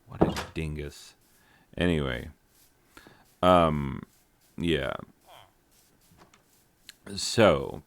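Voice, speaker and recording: A man, a teacher, rambling casually over his gameplay with jokes, trailing off and filling pauses with ums. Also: deep voice, slight background noise. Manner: meandering, joking, trails off with many fillers. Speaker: teacher making a gaming vlog. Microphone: close desk microphone.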